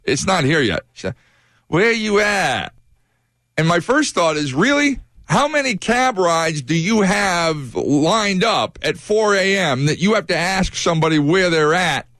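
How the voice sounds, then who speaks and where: A man's voice: high-pitched, normal speed, few pauses, no echo, clean studio sound. A man hosting a morning radio show, telling a story with energy and acting out what each person said. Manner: animated storyteller who acts out quoted voices.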